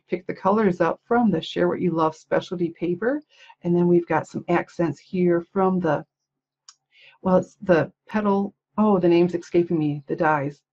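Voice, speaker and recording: A woman's voice: on the low side, husky, dull audio. A woman chatting casually on a livestream, showing handmade cards and gushing over them with frequent little laughs. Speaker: stamping demonstrator showing swap cards. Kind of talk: casual livestream show-and-tell.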